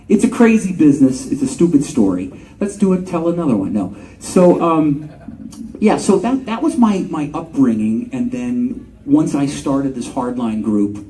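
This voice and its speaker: A man's voice: mid-range voice, warm tone, recorded from a distance, rough recording. A middle-aged male singer telling stories to fans at a convention panel, joking, laughing and swearing casually. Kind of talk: live fan Q&A storytelling.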